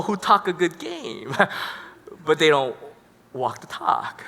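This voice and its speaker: A man preaching a sermon as a pastor, telling stories in an animated, dramatic way. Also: fairly high pitch, takes it slowly, vocal fry. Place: church hall. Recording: echoey church hall.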